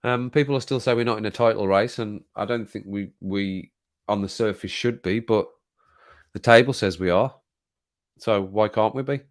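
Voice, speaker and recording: A British man with a fairly low voice chats casually on a live stream from home. He rambles, laughs a lot and repeats his phrases as he talks. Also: moderate pace. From Britain. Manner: chatty, rambling, laughs often, repeats himself. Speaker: YouTube channel host. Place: home, sitting at desk.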